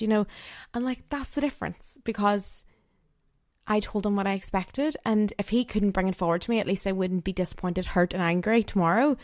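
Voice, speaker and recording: A woman's voice: medium pitch, normal speed, no echo, clean studio sound. A young woman hosting a casual solo podcast, chatting with lots of fillers and acting out quoted lines. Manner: chatty, frequent "like" fillers, acts out quoted dialogue. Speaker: podcast host.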